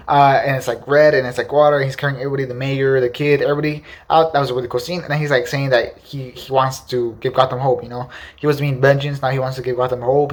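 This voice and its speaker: A man chatting about movie scenes at a quick clip, full of fillers and excited repetition. His voice sits at an ordinary middle pitch, and his review is loose, unscripted and eager. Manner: enthusiastic, filler-heavy, repeats "really, really". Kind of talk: casual spoken film review.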